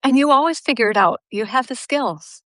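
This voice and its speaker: A woman telling a personal story with animated energy, laughing easily, on a live video call. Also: high-pitched, a little fast, no echo. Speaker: guest yoga teacher.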